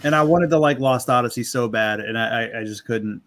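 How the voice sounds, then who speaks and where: A man's voice: mid-range voice, brisk, a crowd in the background. A man co-hosting a gaming podcast in casual chat, chatty and often restarting his sentences. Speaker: podcast co-host.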